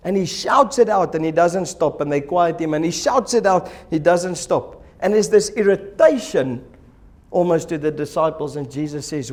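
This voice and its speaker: A male pastor preaches in church, animated and lively as he acts out the people in his stories. His voice sits on the higher side for a man. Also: moderate pace. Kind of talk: sermon.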